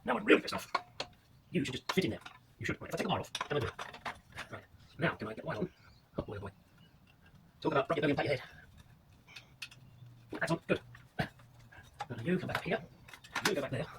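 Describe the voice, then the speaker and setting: Here a vlogger fixing up a motorcycle in his home garage offers casual commentary, talking to himself, swearing, and explaining the work to viewers. He is a fast, animated talker with a voice on the high side, broken by long pauses, and there is background noise.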